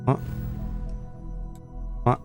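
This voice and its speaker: A man's voice: extremely slow, faint music behind. A man giving casual commentary while streaming a game, with wry, self-mocking asides. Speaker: gameplay streamer. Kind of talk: casual let's-play commentary.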